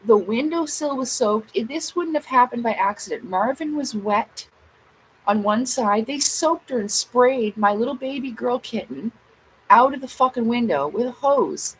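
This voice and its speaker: A woman's voice: fairly high pitch, expressive, moderate pace, fairly bright tone, poor audio. A woman venting to her viewers in a casual vlog, agitated and swearing as she acts out her own side of arguments. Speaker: vlogger. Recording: faint background noise.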